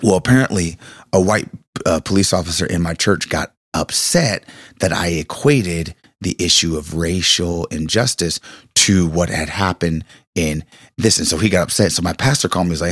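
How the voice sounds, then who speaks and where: A man's voice: deep voice, moderate pace, fairly bright tone, breathy edge, dry recording, studio quality. A man in his thirties, a pastor, chatting casually and telling an emotional personal story with stumbling restarts.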